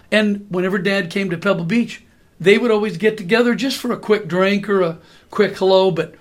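A man in his sixties, a podcast host, telling a story in a lively way and chuckling now and then. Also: high voice. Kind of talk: storytelling anecdote.

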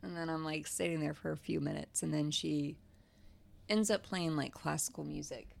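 A low-voiced woman with a gravelly edge, co-hosting a casual music podcast. She jokes around and pokes fun at her own slips. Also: fairly even intonation, normal speed. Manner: joking, self-deprecating. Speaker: podcast co-host.

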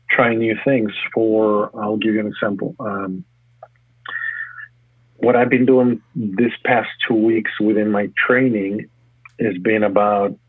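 A man with a low, husky voice talks about coaching with eager energy, often breaking off and restarting his sentences. The sound is dry and close, squeezed thin like a phone call. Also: dry recording. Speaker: gym owner and fitness coach. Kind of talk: casual interview talk. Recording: tinny phone-like line.

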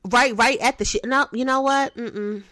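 A woman's voice: a little high, fairly even intonation, normal speed, pushed and bright, no room sound. A young woman hosting a podcast, giving blunt, profane, streetwise advice in a casual way. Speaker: podcast host.

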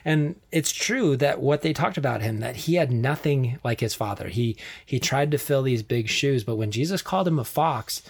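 Animated man telling Bible history. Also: mid-range voice, normal speed, hardly any pauses, husky. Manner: animated storyteller, laughs often, acts out quotes. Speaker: podcast host. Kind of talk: casual chat retelling Bible history.

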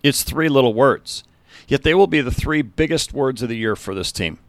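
A man voicing a passionate high school basketball coach giving an earnest, rousing pep talk to his team. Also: animated, normal speed, no room sound, studio quality, close to an everyday voice.

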